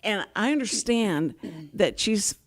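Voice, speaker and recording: An older woman with a drawl hosts a relaxed talk show. She tells long, winding stories, stopping and restarting mid-sentence. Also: medium pitch, takes it slowly. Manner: chatty, rambling storyteller with many restarts. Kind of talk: casual talk show interview.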